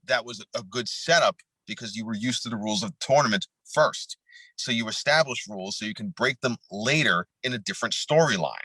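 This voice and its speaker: A man who grew up in New York, talking in a steady middle register as a podcast co-host. He rants bluntly and swears freely. The sound is dry and close, with no room around it. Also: medium pitch, breathy edge, no echo, poor audio. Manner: blunt, profane, rants with film and game detail. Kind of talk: casual chat.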